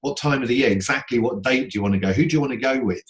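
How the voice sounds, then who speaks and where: This is a man with a mid-range voice who is hosting a songwriting Q&A. He talks earnestly and casually over a video call and keeps reaching for everyday examples to make his points clear. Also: medium pitch, poor audio. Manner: earnest, explains with everyday examples and quick laughs. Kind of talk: casual coaching talk.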